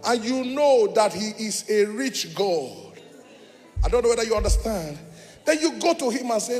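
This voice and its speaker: High-voiced pastor preaching fervently. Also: male voice, sing-song, moderate pace. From Africa. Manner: fervent call-and-response preaching, rising to shouts. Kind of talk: sermon. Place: church sanctuary. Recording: echoey church hall with faint music.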